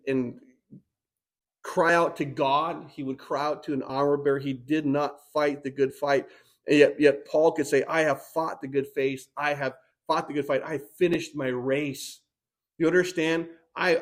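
A male pastor preaching a sermon in an earnest, emphatic way, repeating key phrases, his voice strained by sickness. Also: fairly high pitch. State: sick, strained voice.

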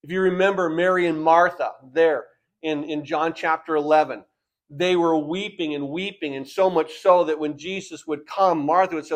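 A man's voice: on the high side, steady tone, normal speed. A man preaching a sermon in an earnest, emphatic way, often repeating words for stress.

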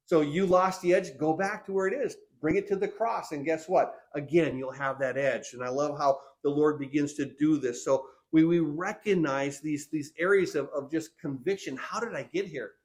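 Lively, high-voiced male preacher. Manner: animated preaching, acting out Bible figures in quick dialogue. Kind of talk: sermon.

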